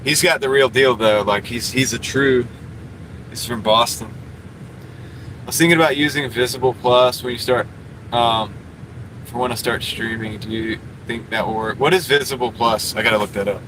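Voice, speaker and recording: A man's voice: mid-range voice, steady tone, moderate pace, background noise. A man livestreaming from inside a parked car, chatting casually with his viewers and rambling with lots of fillers. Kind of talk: casual live stream chat reading comments.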